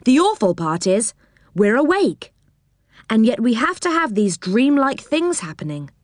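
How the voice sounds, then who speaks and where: A woman putting on a storybook boy who leads the group, earnest and commanding. His voice sits a little higher than the narrator's and swings lively between tones. It is recorded dry and close. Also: measured pace, dry recording. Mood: grumbling. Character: bossy eager boy Joe.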